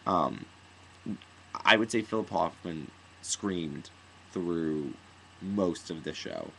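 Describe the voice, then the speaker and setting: A man's voice: low voice, expressive, a little slow, fairly bright tone, a little hiss or hum, rough recording. A man giving an opinionated, rambling spoken theater review, full of fillers and restarts, now and then acting out lines in an exaggerated voice. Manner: acts out quoted lines in an exaggerated voice.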